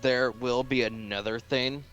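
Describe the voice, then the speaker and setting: A young man with a bright, clear voice is running a tabletop game as dungeon master. He chats casually and easily through turns and rules, and faint music plays in the background. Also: medium pitch, fairly even intonation, measured pace, highs cut off.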